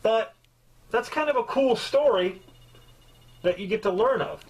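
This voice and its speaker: A man giving a casual, comedic movie review, talking in an animated way with rambling asides and free swearing. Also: extremely high pitch, a little slow, low-quality recording.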